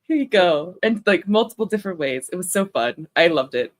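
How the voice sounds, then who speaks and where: A chatty young woman in casual conversation, her fairly low voice swinging up and down as she rambles. She laughs often and talks in an easy, animated way. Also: fairly quick. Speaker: author and livestream host. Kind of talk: casual chat.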